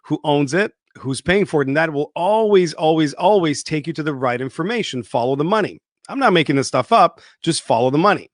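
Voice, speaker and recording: A man's voice: a little high, expressive, brisk, few pauses, dry recording, studio quality. Emphatic, swearing man with a raised voice. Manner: emphatic, repetitive, swears freely, mocks people in put-on voices. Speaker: online show host. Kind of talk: unscripted livestream monologue.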